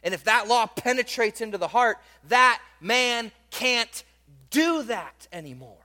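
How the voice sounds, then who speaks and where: Pastor, man, high bright voice; emphatic sermon delivery with quiet asides, repeats words on restarts. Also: lively intonation, measured pace. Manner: emphatic preaching, swinging from loud stresses to quiet asides. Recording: long hall reverb.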